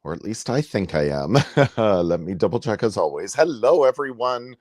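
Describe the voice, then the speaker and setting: A man's voice: on the low side, very animated, normal speed, a little mellow, dry recording. Man, sewing teacher, live stream, upbeat and chatty, frequent fillers, dry close sound. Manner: chatty and upbeat, laughs often, many fillers. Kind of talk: casual live-stream demonstration. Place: home sewing room, indoors.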